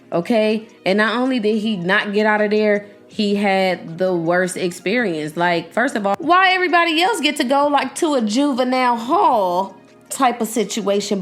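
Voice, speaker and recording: A young woman hosting a podcast, giving animated, outspoken commentary straight to her listeners. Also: mid-range voice. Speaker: podcast host. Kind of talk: casual commentary to her audience.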